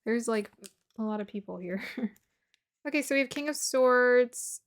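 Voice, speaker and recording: A woman's voice: a little high, moderate pace. A woman giving a casual tarot reading to her viewers, musing aloud, laughing often and sometimes dropping to a murmur. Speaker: tarot reader.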